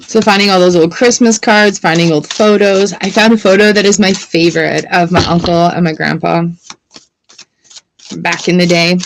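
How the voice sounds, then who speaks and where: A woman's voice: on the low side, steady tone, moderate pace, gravelly, a little hiss or hum. A woman tarot reader chatting casually on a livestream, rambling and laughing often as she pulls cards. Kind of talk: casual livestream chat while reading cards.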